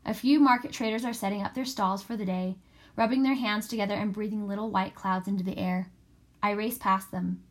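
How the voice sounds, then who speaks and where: A woman reading a first-person story aloud in a steady, expressive way. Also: mid-range voice, a little fast. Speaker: audiobook narrator. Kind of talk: scripted first-person narration.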